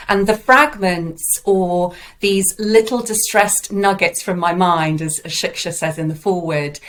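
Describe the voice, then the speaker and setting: A woman hosting a writing coaching conversation who introduces her guest and asks gentle, probing questions. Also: on the low side.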